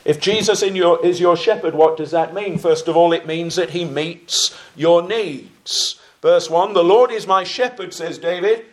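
A middle-aged man preaching a sermon, slow and deliberate, with fillers and phrases that trail off quietly. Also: on the high side.

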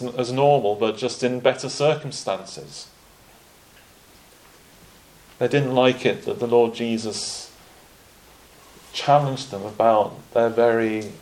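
Slow, measured male preacher. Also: medium pitch, darkish tone, rough recording. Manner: measured, with frequent pauses and restarts. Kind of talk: sermon.

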